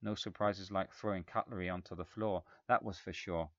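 A man narrating a story in a measured, even reading voice. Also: low voice, no room sound. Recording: slightly dull, dry recording.

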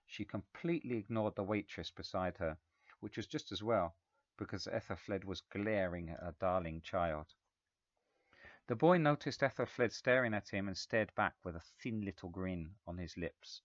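A man narrating a story in a measured, even reading voice. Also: deep voice, no echo. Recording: slightly dull, dry recording.

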